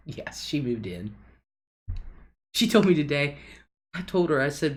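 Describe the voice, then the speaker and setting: A woman's voice: rumbling low, big pitch swings, normal speed, long pauses. A woman hosting a casual livestream, chatting loosely, reading viewer comments aloud and laughing often. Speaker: livestream host.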